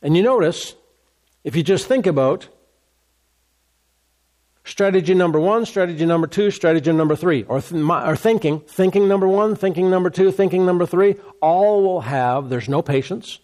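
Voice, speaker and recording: A man's voice: sits high, moderate pace, darkish tone. A male pastor preaching a sermon, repeating key words for emphasis and asking rhetorical questions.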